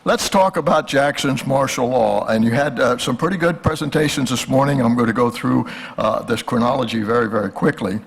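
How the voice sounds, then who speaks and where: An older man speaks in a gravelly voice. He lectures on history in a relaxed, joking way and stops often with fillers. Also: mid-range voice, fairly quick, few pauses. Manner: folksy, hesitant with many fillers. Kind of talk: lecture with jokes.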